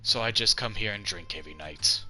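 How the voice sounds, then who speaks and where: A man's voice: low-pitched, a little fast, sharp tone, faint music behind. A man doing a bitter, drunk, lonely older man. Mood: mournful. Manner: slurred, gruff delivery with rising outbursts. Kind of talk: reading game dialogue aloud in a put-on voice.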